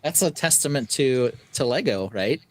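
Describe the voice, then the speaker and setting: A man's voice: mid-range voice, expressive, normal speed, dry recording. A man on a podcast panel who eagerly rattles off lists in casual chat.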